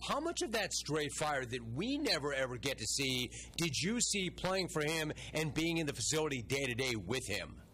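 A man's voice: a little high, very animated, normal speed, hardly any pauses, sharp tone. A man hosting a sports interview, enthusiastic and emphatic, often repeating himself for stress. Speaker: sports show host.

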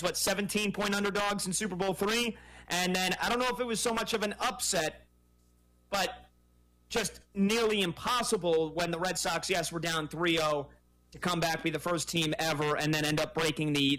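A man hosting a sports talk radio show in a bright, forceful voice pitched a little high. He talks with energy and keeps the conversation moving as he takes calls. The sound is that of a radio broadcast. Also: low-quality recording.

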